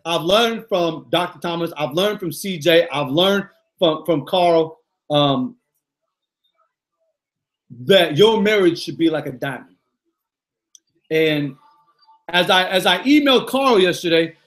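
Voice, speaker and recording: Brief: middle-aged male coach with a high voice, hyped and effusive, live pep talk to his followers. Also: unhurried, long pauses, a bit bright. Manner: exuberant, repetitive, peppered with "yo" and "man". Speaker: motivational coach. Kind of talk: live motivational talk, greeting viewers.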